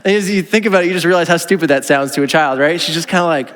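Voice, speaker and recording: A man in his thirties preaches in a loose, joking, conversational way, slipping into little voices for the people he quotes. His voice sits high for a man. The sound carries the long reverb of a large church hall. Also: very fast, a bit bright. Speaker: pastor. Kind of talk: casual conversational sermon.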